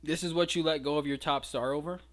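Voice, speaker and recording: A man's voice: a little high, fairly even intonation, quick pace. A man giving a casual, incredulous breakdown of fight footage, mocking and swearing freely. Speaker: wrestling commentary vlogger.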